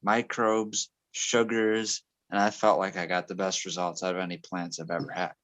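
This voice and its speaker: Man, lowish voice, rambling lists, defensive, dry close sound. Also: little pitch movement, moderate pace, fairly bright tone, no room sound. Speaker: guest grower on a live stream. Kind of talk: casual chat.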